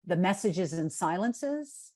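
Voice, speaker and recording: A middle-aged woman answering questions on a video call, telling stories in a relaxed way with many fillers and restarts. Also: fairly low pitch, slow pace. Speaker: keynote speaker.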